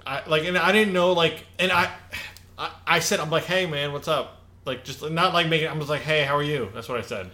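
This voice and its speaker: A man's voice: fairly high pitch, a little fast, sharp tone. A man telling a story in casual podcast chat, laughing often and using many fillers.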